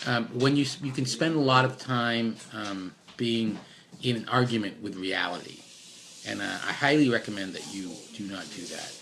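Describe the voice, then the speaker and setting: His voice is fairly low and fairly bright, moving at a normal speed, and slight background noise can be heard. The middle-aged man is at home with his dog, dispensing unscripted life advice that meanders with fillers, restarts and self-deprecating remarks.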